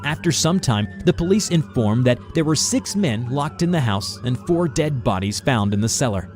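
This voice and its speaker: A man narrating a first-person horror story in a lively storytelling manner. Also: mid-range voice, moderate pace. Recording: faint music behind the voice.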